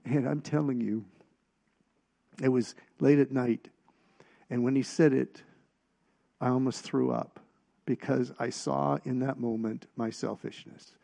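A middle-aged man preaching a personal testimony, telling stories with halting restarts and getting louder at the punchlines. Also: mid-range voice, steady tone, gravelly. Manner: storytelling, halting restarts, rises in volume at punchlines.

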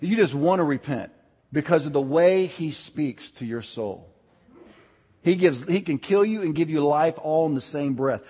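A man preaching a sermon in a lively, conversational way, swinging between loud and soft delivery. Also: on the high side, normal speed, breathy edge. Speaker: pastor. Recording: dull sound with long hall reverb.

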